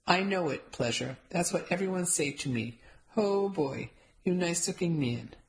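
A woman's voice: lowish voice, expressive, moderate pace, low-quality recording. A cranky old Italian neighbor lady, as a woman reads her, talking in blunt broken English with a heavy Italian accent. She is sniffy and set in her ways, a storybook busybody. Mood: scornful. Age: older.

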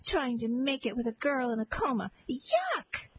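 A woman voicing an earnest young heroine in a storybook reading, bright and helpful. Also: sits high, huge pitch swings, normal speed, breathy edge, heavily acted. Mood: disgusted. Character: chirpy, earnest young woman, a health devotee. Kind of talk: storybook character voice.

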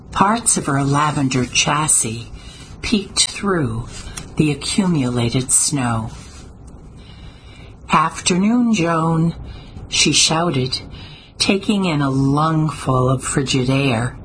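A woman narrating a story in a steady, measured way, with small slips now and then. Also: extremely low pitch, slight background noise, rough recording. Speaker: audiobook narrator. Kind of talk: scripted narration.

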